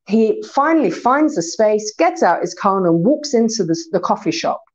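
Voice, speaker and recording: A woman's voice: mid-range voice, moderate pace, lo-fi sound. Woman telling a story in a community talk. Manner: animated storytelling. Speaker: speaker.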